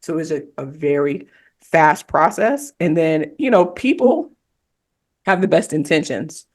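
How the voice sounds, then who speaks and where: A woman's voice: deep voice, animated, measured pace, darkish tone. A woman on a podcast panel, candidly and reflectively telling a personal story in casual conversation.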